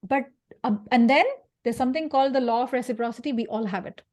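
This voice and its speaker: A woman giving an animated career-coaching talk to an audience, acting out quoted voices and laughing along the way. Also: on the high side, quick pace.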